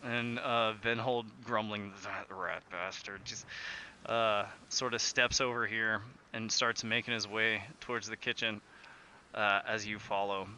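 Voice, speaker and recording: A man narrating a tabletop game as game master, relaxed and full of fillers. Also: on the low side, unhurried, a little hiss or hum.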